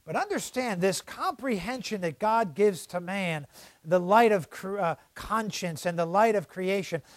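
A man preaching a sermon in a strikingly high voice, building to shouted cries and then dropping to near-murmurs. He strings phrases together with "uh" fillers. The sound is close and dry with no room echo. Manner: impassioned, swings from loud outbursts to hushed low delivery.

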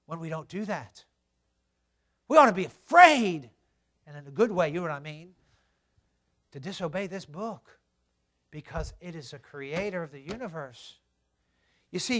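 A man, a pastor, delivering a sermon with animated storytelling, moving from soft asides to loud, emphatic preaching. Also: high-pitched.

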